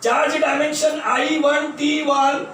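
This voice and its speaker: A man's voice: very high voice, little pitch movement, slow pace, a bit bright. A man teaching physics at a board with an Indian English accent, calling his students "my dear" and repeating key terms. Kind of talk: classroom lecture at a board. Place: classroom. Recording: very echoey classroom, voice from a distance, faint noise.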